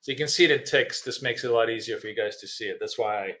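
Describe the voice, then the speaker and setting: A man's voice: mid-range voice, fast, bright, forceful tone. A man hosting a live trading stream, thinking aloud with many fillers and restarts while chewing gum.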